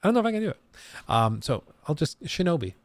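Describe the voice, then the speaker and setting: Animated American man chatting on stream. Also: a little high, quick pace, no room sound. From United States. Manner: animated, rambling, laughs often. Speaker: streamer host. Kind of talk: casual livestream chat.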